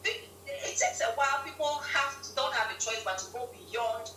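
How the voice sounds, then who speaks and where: A woman from Ghana, a guest on a live-stream interview, telling stories in an animated way and laughing often. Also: on the high side, moderate pace, music in the background. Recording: roomy, distant mic with faint hum.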